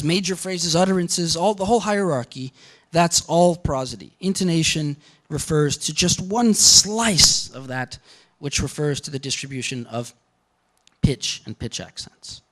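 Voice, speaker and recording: A man with a high-pitched voice teaching a university class. He thinks aloud as he explains, circling back with restarts and fillers before landing on his point. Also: a bit bright. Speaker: linguistics lecturer. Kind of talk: university lecture.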